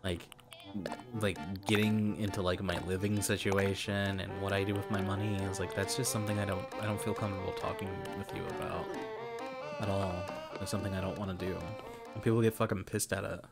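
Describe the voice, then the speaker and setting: Low-voiced young man, profane rambling. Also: flat delivery, a little fast. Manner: profane, rambling, repeats himself. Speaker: streamer. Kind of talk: casual storytelling while gaming. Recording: loud background music.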